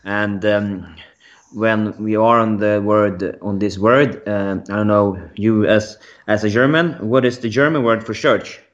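Male co-host, low voice, muffled lo-fi line, halting word-searching delivery. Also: steady tone. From Sweden. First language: Swedish. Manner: hesitant, searching for words. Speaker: radio co-host. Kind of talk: casual radio talk.

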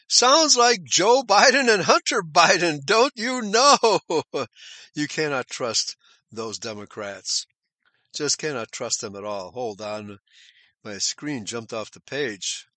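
A man's voice: medium pitch, bright, forceful tone, no room sound. A man reading a news article aloud and breaking off into sarcastic commentary, with frequent chuckles. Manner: sarcastic asides between read passages, chuckling.

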